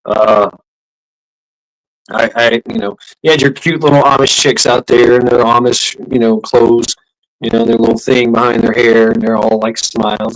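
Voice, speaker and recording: A man's voice: mid-range voice, fairly even intonation, moderate pace, poor audio. A man streaming, telling a story in a casual, rambling way, swearing often, laughing and restarting his sentences. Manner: profane, laughing, full of fillers and restarts. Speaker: live streamer.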